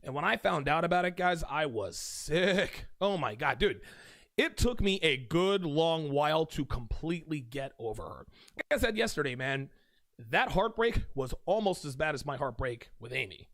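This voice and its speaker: On his livestream, a male host drives his points home with emphatic delivery and repeated phrases. He talks at a normal speed in a fairly high, slightly bright voice with lively intonation, in echo-free studio-quality sound.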